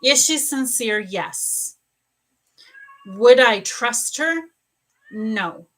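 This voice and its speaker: Chatty woman psychic on a live stream, unhurried delivery, bright tone. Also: fairly high pitch, poor audio. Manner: chatty and animated, laughs often. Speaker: psychic medium. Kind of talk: live-stream reading, casual chat.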